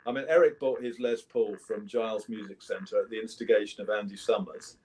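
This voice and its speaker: A man's voice: fairly low pitch, fairly even intonation, fairly quick, darkish tone. A man in his seventies with an English accent, a guest musician chatting casually in an interview and telling rambling anecdotes full of restarts. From England. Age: 70s.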